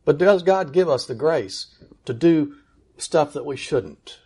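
A man preaches a sermon earnestly and emphatically, slowing down to stress key words. His voice is on the high side, animated, husky, and somewhat dark in tone.

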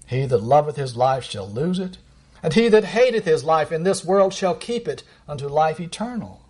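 A middle-aged man preaching a sermon, reading verses aloud with emphatic, rising delivery and slowing down on key lines. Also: big pitch swings, darkish tone. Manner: emphatic, rises high when reading verses and slows down.

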